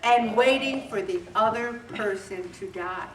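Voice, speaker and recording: A middle-aged woman leading a faith-based weight loss group, talking in an animated way and acting out bits of dialogue. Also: a little high, unhurried. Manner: animated, acts out dialogue with voices. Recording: echoey room, distant mic, faint background noise.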